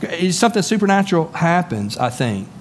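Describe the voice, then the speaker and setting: A Southern US pastor preaches a sermon in a church sanctuary, his voice a little high and a little fast, with big swings in pitch. His style is folksy and conversational, and he often repeats words as he goes. A faint hiss or hum sits under the recording.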